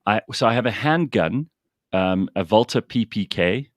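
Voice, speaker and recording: A man's voice: fairly low pitch, animated, moderate pace, no room sound, studio quality. A man hosting a radio show from South Africa, chatting casually and with animation.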